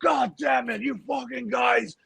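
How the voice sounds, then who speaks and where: A man doing an impression of a profane, angry male hockey coach berating his players, shouting and swearing. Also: very high-pitched, fairly even intonation, measured pace, creaky, slightly rough, dry recording, voice pushed up, heavily acted. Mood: furious shouting. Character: furious middle-aged male hockey coach, yelling, profane.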